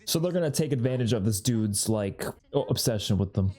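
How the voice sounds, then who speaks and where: Low-pitched woman reacting to a show. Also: animated, a little fast, mellow. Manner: laughs often, talks back at the screen. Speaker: reaction video host. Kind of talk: casual reaction commentary.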